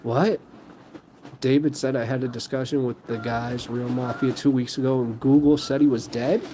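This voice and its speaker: A man's voice: mid-range voice, mellow, a little hiss or hum. A man hosting a live stream in casual chat, rambling with lots of fillers.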